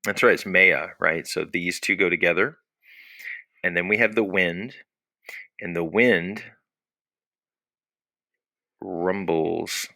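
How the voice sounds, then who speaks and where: A man's voice: low-pitched, fairly even intonation, takes it slowly, vocal fry, long pauses, pushed and bright, no echo. A man teaching a recorded Latin lesson, explaining patiently and asking questions that he answers himself.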